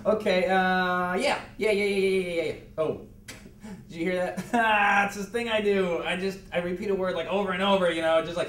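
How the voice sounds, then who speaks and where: A quality control manager, speaking briskly in a high, somewhat bright voice, fumbles through an improvised self-introduction at a meeting, stammering and laughing out of nerves. The sound comes from far away in an echoey conference room over a video call.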